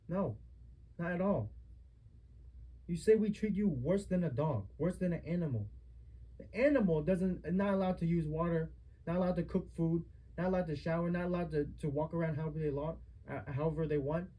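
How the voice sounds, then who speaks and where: A man's voice: a little high, moderate pace, dark tone, poor audio. A young man in a heated family argument, confronting his mother with accusing, repetitive rhetorical questions.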